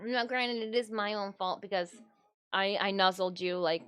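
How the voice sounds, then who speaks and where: A woman's voice: mid-range voice, normal speed, fairly bright tone, clear, resonant tone. A woman from Michigan chatting casually on a live stream, easily distracted and full of "like.". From Michigan, USA. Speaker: streamer and cosplayer.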